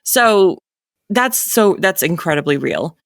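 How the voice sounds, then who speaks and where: A woman's voice: on the low side, expressive, slow pace, dry recording, studio quality. A woman audiobook narrator from New England with a light New England accent, chatting casually on a panel with many fillers and frequent laughs.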